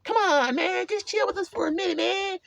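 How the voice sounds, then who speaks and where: A man's voice: very high-pitched, fairly quick, vocal fry, a bit bright, no echo, clean studio sound, voice pushed up, exaggerated voice. A man voicing a pushy, tipsy woman coaxing someone to come party and drink. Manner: coaxing, wheedling.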